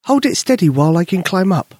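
A man doing a squealing, excited little girl. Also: sits high, fast talker, breathy edge, no echo, studio quality, pitched above the performer's own voice, exaggerated voice.

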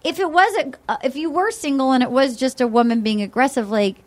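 A woman's voice: sits high, quick pace, darkish tone. A woman co-hosting a casual chat, talking loosely with many fillers and restarts. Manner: chatty, lots of "like" and restarts. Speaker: podcast co-host.

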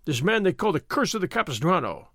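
A man voicing a loud, bullying soldier sergeant who blusters and threatens, in an audiobook reading. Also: sits high, sing-song, fast, no room sound, studio quality, exaggerated voice.

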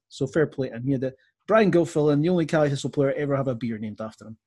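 A man's voice: on the high side, fast, a little mellow. A Scottish man hosting a podcast, trading puns and telling chatty stories in a casual way. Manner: jokey, punning, then chatty anecdote. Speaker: podcast host. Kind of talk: casual pub banter and storytelling.

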